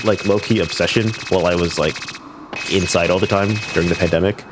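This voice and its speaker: A man commentating a speedrun on a live stream, chatty and joking, tossing in quick asides. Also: sits low, fairly even intonation, background noise. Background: game music.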